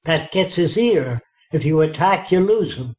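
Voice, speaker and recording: A man's voice: fairly high pitch, expressive, a little slow, darkish tone. A man in his nineties giving an interview, blunt and emphatic, often checking that he is understood. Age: 90s. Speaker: interviewee, futurist. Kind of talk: conversational interview. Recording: dull lo-fi sound.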